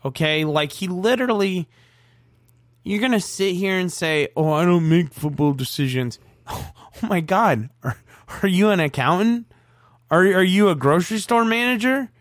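Male co-host, heated profane rants, a bit high-pitched, dry close sound. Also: expressive, a little slow, no room sound. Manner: frustrated, profane ranting with repeated stammers. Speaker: sports talk co-host. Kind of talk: heated sports talk.

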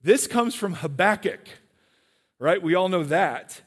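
A man preaching a sermon in a church, animated and questioning his listeners directly. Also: sits high, a little slow, slightly rough, long reverb tail.

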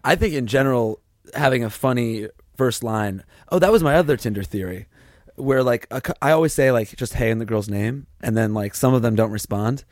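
A man's voice: medium pitch, a little fast, a little mellow, dry recording, clean studio sound. A young man co-hosting a casual comedy podcast, teasing his partner and laughing often. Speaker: podcast co-host. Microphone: handheld podcast mic.

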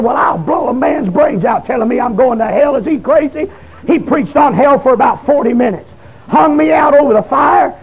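A man, preaching a testimony sermon in a folksy storytelling way that breaks into shouting. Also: extremely high pitch. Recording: dull lo-fi recording.

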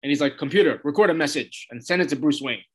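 A man's voice: on the high side, quick pace, slightly rough. Casual man retelling a TV episode. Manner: loose retelling of scenes, quoting characters with "he's like". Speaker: TV episode recapper. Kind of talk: casual spoken episode recap.

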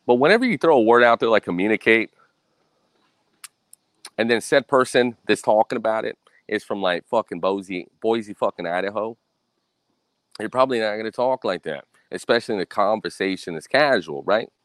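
An American man delivers a casual, profane monologue, ranting bluntly through a story and tacking "right?" onto his points. His voice is fairly low, his pace moderate, and the recording has no echo.

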